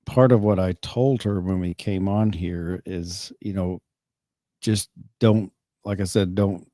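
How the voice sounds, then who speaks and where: A man's voice: low-pitched, warm tone, no room sound. Guy hosting a podcast, dry close sound, rambles and restarts a lot. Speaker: podcast host. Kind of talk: casual chat.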